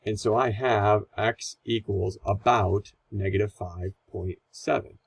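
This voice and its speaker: A man's voice: lowish voice, fairly even intonation, takes it slowly, vocal fry, husky, low-quality recording. A man teaching a recorded math lesson, explaining calculator steps in a casual, conversational way.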